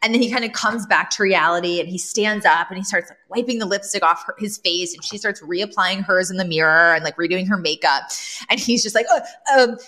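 A woman's voice: on the low side, fairly quick, pushed and bright. Chatty woman recapping, laughing often. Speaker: podcast co-host. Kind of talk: casual recap chat.

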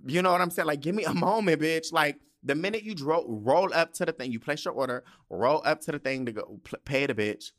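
A man hosting a solo podcast, telling a heated, profane story about fast food with exasperated asides. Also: a little high, lively intonation, a bit bright. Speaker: podcast host. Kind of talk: casual solo podcast rant.

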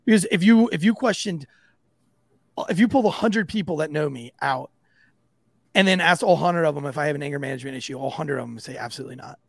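A man, a former police officer hosting a podcast, telling profane, animated stories and acting out the people he quotes. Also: on the high side, fast talker, vocal fry, no room sound, clean studio sound. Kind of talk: casual storytelling chat.

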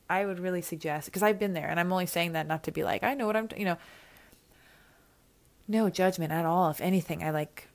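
A woman hosting an advice podcast, talking casually and earnestly, rambling with restarts and repeating her points for emphasis. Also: lowish voice. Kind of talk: casual, heartfelt advice chat.

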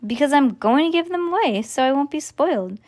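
Squeaky, dramatic second-grade girl, read aloud by a woman. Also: a little fast. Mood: matter-of-fact. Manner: dramatic, excited.

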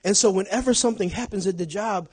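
A middle-aged man preaching a sermon, swinging from shouted lines to quiet asides and laughing often. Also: sits high, quick pace, slightly rough.

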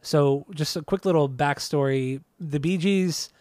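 A man's voice: on the high side, a little slow, darkish tone, no room sound, studio quality. A man hosting a podcast, chatting casually with a rambling, hesitant way of talking. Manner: rambling, hesitant, full of restarts. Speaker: podcast host. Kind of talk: casual chat.

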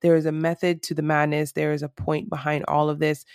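A woman's voice: low-pitched, little pitch movement, fairly quick, darkish tone, dry recording, studio quality. A woman talking to camera in a casual, reflective monologue, earnest and rambling with lots of fillers.

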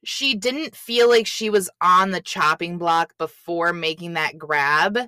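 A woman's voice: on the low side, unhurried, bright, forceful tone, smooth, no room sound, studio quality. A woman co-hosting a podcast, chatting casually with a wry, teasing manner. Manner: wry, teasing, laughs often. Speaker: podcast co-host. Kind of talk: casual chat.

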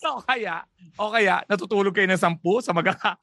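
A man's voice: sits high, fairly quick, sharp tone, no echo, studio quality. A man, co-hosting a podcast, joking and laughing often while talking mostly in Tagalog. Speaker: podcast co-host. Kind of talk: casual chat.

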